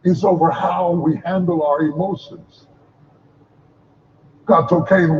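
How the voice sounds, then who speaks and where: High-voiced preacher man in a roomy space. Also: fairly even intonation, unhurried, a little hiss or hum. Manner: rousing call-and-response, rhythmic repetition; shouting at peaks. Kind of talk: sermon. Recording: roomy, slightly dull recording.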